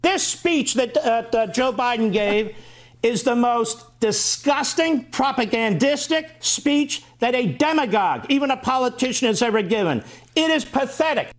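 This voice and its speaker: A woman's voice: a little high, lively intonation, measured pace, pitched above the performer's own voice. A woman doing an impression of an indignant male pundit ranting with outrage. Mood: outraged. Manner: outraged, sneering rant.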